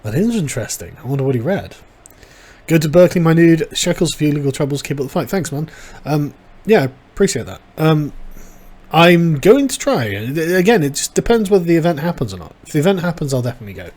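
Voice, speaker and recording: A man's voice: on the high side, big pitch swings, fast, darkish tone. A man hosting a casual livestream, reading viewer chat aloud and reacting with wry, sarcastic asides. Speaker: livestream host.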